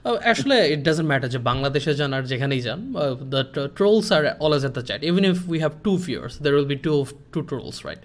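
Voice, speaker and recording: Fast-talking man, code-switching. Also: fairly high pitch, sing-song. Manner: fast, switching between English and Bengali, many fillers. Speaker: podcast host and coach. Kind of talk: casual streamed chat.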